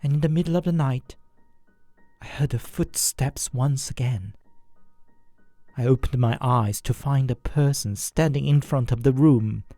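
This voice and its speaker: A narrator telling a first-person horror story in a scripted, expressive way. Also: medium pitch, measured pace, dry recording, faint music behind.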